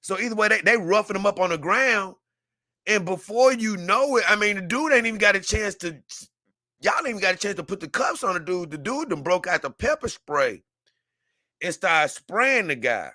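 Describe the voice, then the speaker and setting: A man's voice: high-pitched, lively intonation, normal speed, bright, forceful tone, dry recording, studio quality. A man, talking casually to camera and telling a story earnestly, rambling with many restarts. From Memphis, Tennessee. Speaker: vlogger.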